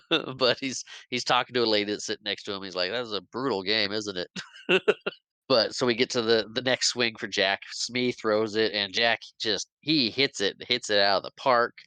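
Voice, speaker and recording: Deep, bright-toned man recapping a movie. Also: moderate pace, smooth, dry recording. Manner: animated retelling, acts out quotes, laughs often. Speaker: podcast host. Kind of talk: casual movie recap chat.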